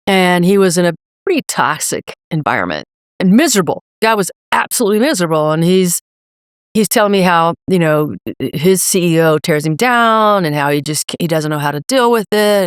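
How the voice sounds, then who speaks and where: A woman's voice: fairly low pitch, smooth, dry recording, studio quality. Emphatic middle-aged woman, motivational coach. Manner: emphatic, energetic motivational speaker. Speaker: leadership coach and guest. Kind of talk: podcast interview.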